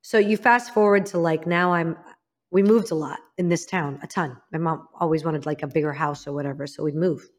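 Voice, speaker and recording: A woman from Illinois telling her own story as an interview guest, frank and emphatic, dropping to a hushed voice for the painful memories. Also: deep voice, steady tone, fairly quick. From Illinois, United States. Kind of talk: candid personal storytelling.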